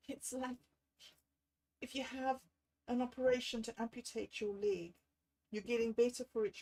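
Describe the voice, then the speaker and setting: A woman, talking on a livestream about a bad day. She thinks aloud in a candid, self-deprecating way and sounds low and unwell. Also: mellow, poor audio. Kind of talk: rambling personal livestream.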